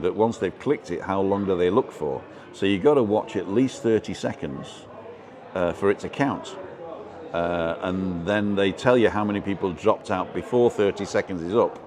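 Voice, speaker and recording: Low-voiced, relaxed man chatting on a live stream. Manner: chatty, rambling, reading out viewer comments. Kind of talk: casual live stream chat.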